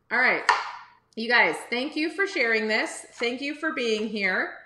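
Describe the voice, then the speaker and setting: A woman's voice: fairly high pitch, expressive, slow pace, roomy sound, heavy background noise. Chatty woman teaching kids to cook. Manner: encouraging, chatty, addresses viewers directly. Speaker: cooking teacher and livestream host. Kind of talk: live cooking lesson for kids. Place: home kitchen. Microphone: phone or camera on livestream.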